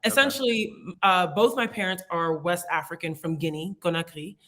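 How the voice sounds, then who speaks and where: A woman's voice: fairly low pitch, moderate pace, fairly bright tone. A young woman from the United States, a guest in a casual interview, talking in a chatty, reflective way with frequent laughs and fillers.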